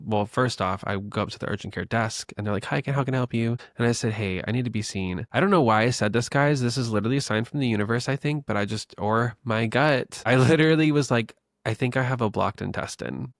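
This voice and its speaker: A man's voice: mid-range voice, brisk, dry recording, studio quality. A young man hosting his own podcast, telling a personal story in a chatty, casual way and calling his listeners "besties". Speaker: podcast host. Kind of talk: casual solo podcast talk.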